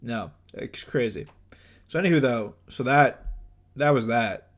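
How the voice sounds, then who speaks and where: A man's voice: medium pitch, expressive, a little slow. Rambling young man retelling gossip. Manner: rambling, full of fillers and acted-out quotes. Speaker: podcast co-host. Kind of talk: casual chat, retelling celebrity gossip.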